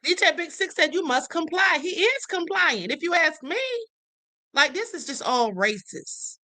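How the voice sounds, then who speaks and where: A woman's voice: very high-pitched, animated, unhurried, sharp tone. A woman hosting a livestream, giving outspoken casual commentary on clips and reading viewer comments aloud. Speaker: livestream host.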